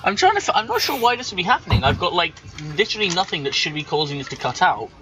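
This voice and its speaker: A man running a tabletop game as game master over a voice call, talking in halting bursts full of restarts. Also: high voice, big pitch swings. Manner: halting, with many restarts and stammers. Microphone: computer microphone on a voice call. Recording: dull voice-chat audio with faint noise.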